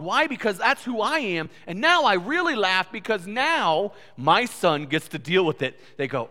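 Animated pastor preaching in a reverberant hall. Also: male voice, high-pitched, normal speed, hardly any pauses. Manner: animated storytelling, repeats words. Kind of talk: sermon. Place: church sanctuary.

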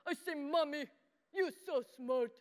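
Childlike boy puppet, high voice, slow delivery, broken grammar, long church-hall reverb. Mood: earnest childish. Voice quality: broken childlike grammar, speaks of himself by name. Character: childlike boy puppet, simple-minded and earnest. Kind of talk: children's sermon puppet show.

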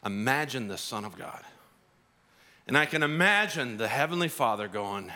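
A man preaching a sermon as pastor, telling stories in an animated way and rising to emphatic peaks. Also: medium pitch, normal speed.

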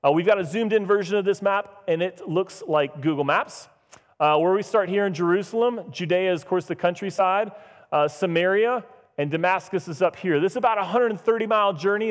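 A man preaching a casual, conversational sermon as pastor, acting out the voices in the scripture he reads. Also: high voice. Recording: long church reverb.

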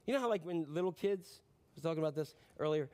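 Man, pastor, sermon, high voice, lively joking asides. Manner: animated and joking, with quick asides to the congregation.

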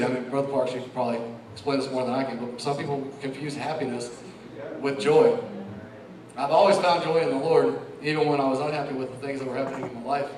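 A man's voice: medium pitch, noisy background. A middle-aged man giving an earnest, emotional church testimony and quoting scripture, with laughs between lines. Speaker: lay preacher. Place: church sanctuary. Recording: echoey hall, mic far off.

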